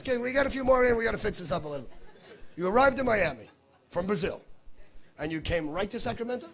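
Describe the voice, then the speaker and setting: Brash, gravelly stand-up comic. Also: male voice, sits high, big pitch swings, fast, a crowd in the background. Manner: brash, teasing, profane. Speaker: stand-up comedian. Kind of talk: stand-up crowd work. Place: comedy stage before a live audience.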